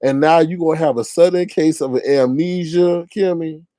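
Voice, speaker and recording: A man giving casual commentary in an animated, slangy way, repeating phrases for emphasis. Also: a little high, normal speed, no room sound.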